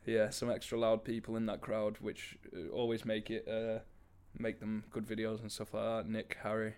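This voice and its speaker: Chatty laughing musician. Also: male voice, fairly low pitch, moderate pace, smooth. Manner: laughs often, swears, animated storytelling. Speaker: band member. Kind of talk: casual chat.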